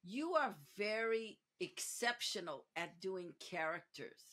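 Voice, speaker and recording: A woman's voice: medium pitch, lively intonation, slow pace, a bit bright. A woman hosting a podcast interview, asking conversational, admiring questions. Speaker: podcast host. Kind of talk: casual interview chat.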